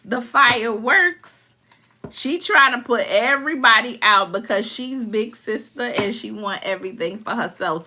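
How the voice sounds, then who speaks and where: Lively, high-voiced middle-aged woman telling stories. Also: slight background noise. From New York. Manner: animated, laughing, acts out quoted relatives. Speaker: storyteller. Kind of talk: casual storytime.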